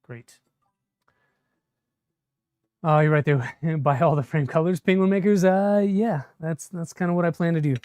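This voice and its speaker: A man's voice: a little high, unhurried, pauses often, smooth, no echo. Chatty man building a printer on stream. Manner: relaxed, chatty, reads and answers viewer comments. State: a bit shaky from caffeine. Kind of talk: casual live-stream chat while assembling.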